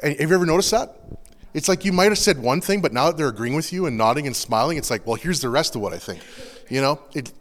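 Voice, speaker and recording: A pastor giving an earnest, confessional sermon in a loose, conversational way, full of casual fillers. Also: male voice, on the high side, animated, quick pace, big-room sound.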